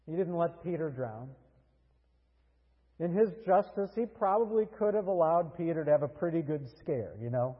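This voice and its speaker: A man preaching a sermon as pastor, earnest and deliberate, with dramatic pauses. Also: on the high side, lively intonation, husky, big-room sound, narrow, tinny audio.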